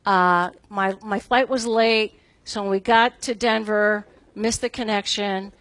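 With a mid-range, slightly bright voice, fairly even intonation, and a measured pace, a middle-aged woman leads a relaxed devotional at a Bible study. She chats easily, makes fun of herself, and often asks "right?". There's no room sound.

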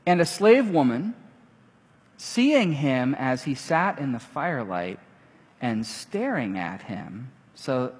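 A man preaching a sermon, animated, acting out the quoted lines with casual asides. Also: mid-range voice, slightly rough. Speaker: pastor. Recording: long hall reverb.

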